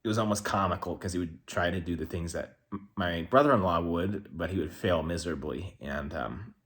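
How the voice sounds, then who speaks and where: A man's voice: deep voice, fairly quick, fairly bright tone. A man talking to the camera in a rambling, candid way, swearing often as he reflects. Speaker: vlogger. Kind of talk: casual reflective monologue.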